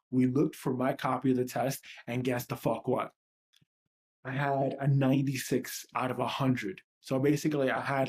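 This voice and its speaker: A man's voice: mid-range voice, darkish tone. Thirty-something guy leading a tapping session, swears a lot, raw and emotional, keeps repeating himself. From New York. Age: 30s. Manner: raw, profane, emotionally charged, repeats phrases. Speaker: EFT tapping coach. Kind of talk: emotional personal monologue.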